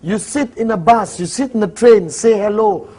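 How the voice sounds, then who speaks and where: A man with a Malaysian English accent training a seminar audience on prospecting, talking in an animated, joking way and acting out small dialogues. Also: sits high, normal speed. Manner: animated, jokey, acts out little dialogues. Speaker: network marketing trainer. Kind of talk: live seminar talk.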